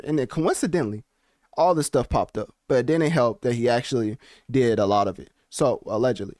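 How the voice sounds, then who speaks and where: A man hosting a casual commentary video, talking in an animated, slangy and rambling way. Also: mid-range voice, a little fast, dry recording, clean studio sound. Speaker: commentary channel host.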